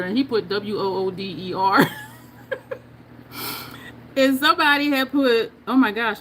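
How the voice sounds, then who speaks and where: Doing her makeup live, a woman from New Jersey banters casually with her audience and often breaks into laughter, her accent a mix of New Jersey and New York. She speaks with a fairly low pitch and a fairly bright tone, and there's slight noise in the background.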